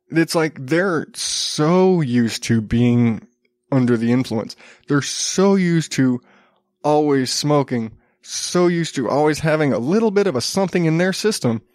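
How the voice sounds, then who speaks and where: A man's voice: fairly high pitch, dry recording. A man in his thirties hosting a solo podcast, chatting casually and rambling with frequent restarts. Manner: rambling, self-interrupting with restarts. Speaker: podcast host.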